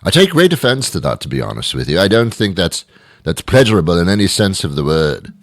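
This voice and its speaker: A British man hosting a radio talk show, talking in an animated, mock-indignant, rambling way. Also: deep voice, a little fast, no room sound. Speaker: radio host. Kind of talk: comic talk radio monologue.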